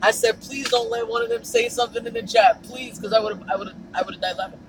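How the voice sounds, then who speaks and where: Giggly high-voiced woman vlogging. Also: fast talker, a little hiss or hum, poor audio. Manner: giggly, animated storyteller. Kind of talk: casual vlog chat. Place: in a car and outdoors at dumpsters.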